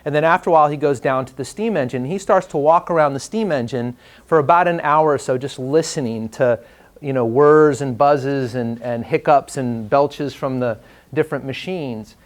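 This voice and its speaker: A man, teaching a live class and telling a story in a relaxed, conversational way with fillers. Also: mid-range voice, normal speed. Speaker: trainer. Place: training room before a class.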